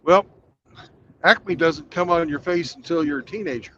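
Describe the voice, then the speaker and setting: A man's voice: fairly high pitch, normal speed, sharp tone, highs cut off. A man joking and teasing in casual chat.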